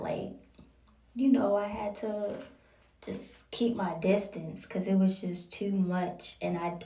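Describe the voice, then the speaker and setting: A young woman from Baltimore tells a personal story in a candid, emotional way, with drawn-out pauses and stretches that drop to a whisper. Her voice has a gravelly edge. She is heard from a distance in an echoey room. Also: fairly low pitch, a little mellow. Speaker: vlogger. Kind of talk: casual storytime monologue. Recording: roomy echo from a distance.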